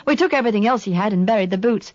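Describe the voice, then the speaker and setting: A woman reading an audiobook, voicing a steady, protective young man who speaks gently and reassuringly. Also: medium pitch, racing, dry recording, lo-fi sound, close to an everyday voice. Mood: soothing.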